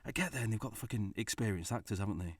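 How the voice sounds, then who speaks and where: A man, co-hosting a podcast and telling a story in a casual, animated way, swearing and laughing often. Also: fairly low pitch, racing, no echo, clean studio sound. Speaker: podcast co-host.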